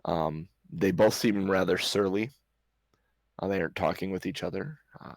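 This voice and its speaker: A man's voice: deep voice, gravelly, no room sound, rough recording. A man narrating as game master for a tabletop game, hesitant with many restarts. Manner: hesitant, lots of restarts and ums.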